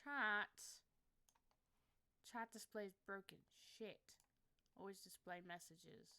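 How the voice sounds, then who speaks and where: A woman chatting casually on a livestream, excitable and foul-mouthed, who yelps and swears when things go wrong. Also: medium pitch, slow, clean tone. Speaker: streamer.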